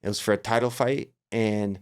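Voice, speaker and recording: A man's voice: fairly low pitch, fairly even intonation, normal speed, clear, resonant tone. A middle-aged man, a podcast guest in a casual interview, telling a long story with energy and acting out his own past thoughts. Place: Las Vegas area.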